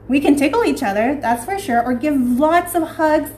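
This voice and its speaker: Young woman, preschool teacher, high voice, sing-song storybook reading, echoey room. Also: lively intonation, moderate pace, darkish tone, slight background noise. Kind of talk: reading a picture book aloud to young children.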